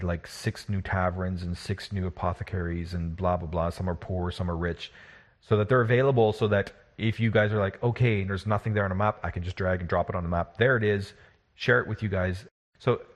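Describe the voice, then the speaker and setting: A man who runs tabletop games, talking in a rambling, casual way, with frequent restarts and laughs as he talks. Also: lowish voice. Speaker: podcast co-host and game master. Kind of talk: casual chat.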